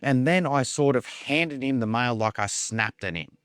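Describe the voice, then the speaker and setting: A man's voice: mid-range voice, animated, normal speed, a bit bright, clean tone, no room sound, studio quality. Rambling man telling his story. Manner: rambling, repeats words, acts out quoted dialogue. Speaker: podcast guest. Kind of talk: casual storytelling.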